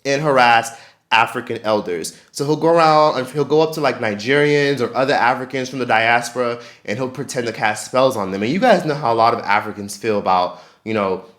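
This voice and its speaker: A man's voice: medium pitch, a little fast, a bit bright. A man hosting a casual opinion rant, blunt and profane, talking straight at his audience. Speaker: commentary host.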